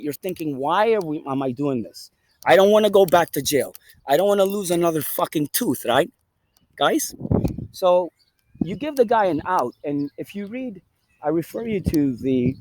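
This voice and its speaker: A man's voice: a little high, darkish tone, no echo, rough recording. A man vlogging outdoors in a park, swearing constantly and rambling in a preachy, emphatic way. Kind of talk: rambling casual monologue.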